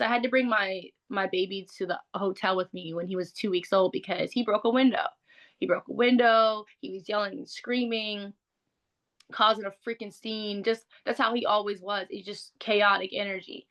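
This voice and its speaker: A woman's voice: mid-range voice, fairly bright tone. Frank, chatty woman telling her story. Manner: frank, conversational, heavy use of "like". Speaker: interview guest. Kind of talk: candid personal storytelling.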